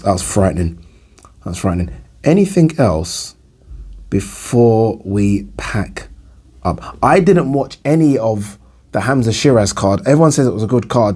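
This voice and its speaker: Husky English guy chatting boxing. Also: on the low side, warm tone. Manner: chatty, rambling, repeats phrases, lots of fillers. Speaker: boxing vlogger. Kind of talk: casual solo boxing commentary.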